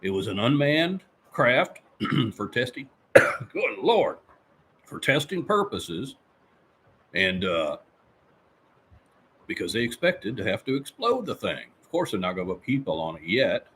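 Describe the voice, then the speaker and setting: A man's voice: mid-range voice, big pitch swings, unhurried, pauses often, a bit bright, a little hiss or hum. A man playing a rambling folksy handyman. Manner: rambling, homespun, frequent throat-clearing. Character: folksy rambling middle-aged handyman, homespun and chatty. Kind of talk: live-stream character chat reading viewer comments.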